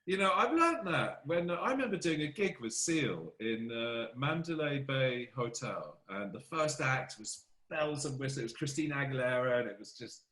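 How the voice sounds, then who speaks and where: A man, a film composer, telling stories as a guest in a casual interview, animated and self-deprecating. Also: mid-range voice, moderate pace, few pauses, reverberant.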